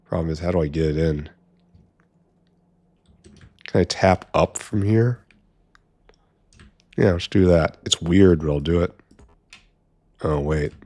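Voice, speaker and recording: A man's voice: low-pitched, takes it slowly, long pauses, warm tone. A man giving casual gameplay commentary, muttering to himself with wry asides as he works. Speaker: gameplay streamer.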